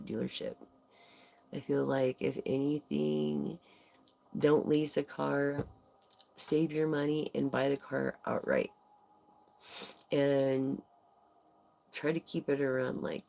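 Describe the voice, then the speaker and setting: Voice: medium pitch, vocal fry, a little mellow, low-quality recording. An adult tarot reader giving a casual live reading, rambling and meandering with lots of fillers and the odd swear word.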